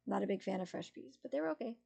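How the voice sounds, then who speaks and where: A woman's voice: medium pitch, animated, very fast, gravelly, dark tone, breathy edge. A woman streamer chatting casually with her viewers, rambling and giggling, full of fillers and restarts. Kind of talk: casual chat with live chat.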